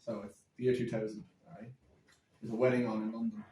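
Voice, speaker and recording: A man's voice: fairly low pitch, level tone, dark tone, dull audio, slight background noise. A young Irish man on a podcast, spinning a comic family anecdote with dramatic asides. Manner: rapid, dramatic storytelling with asides. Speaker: guest storyteller. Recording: roomy, distant phone recording.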